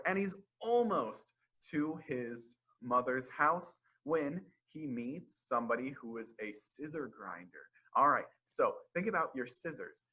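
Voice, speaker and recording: A man's voice: mid-range voice, pushed and bright, rough recording. A man retelling a folk tale at a children's storytime, chatty and explaining things to young listeners with questions and asides. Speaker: storytime presenter.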